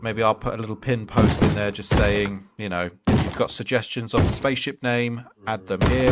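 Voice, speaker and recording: Man, thirties, game streamer, casual chat with viewers, low voice, heavy noise behind. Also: fairly even intonation, moderate pace, hardly any pauses. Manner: chatty, reads and answers chat, jokey asides. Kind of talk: casual Minecraft livestream chat. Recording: loud background noise.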